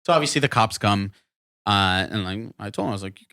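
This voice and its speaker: Brief: low-voiced male podcast guest, casual animated storyteller, swears freely. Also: fairly quick. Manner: animated, swears freely, acts out quotes in raised voice. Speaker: podcast guest, wedding entertainment business owner.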